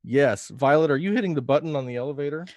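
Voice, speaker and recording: A man narrating as game master of a tabletop game, casual and halting, with fillers and frequent pauses for dice rolls. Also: on the high side, darkish tone, no room sound.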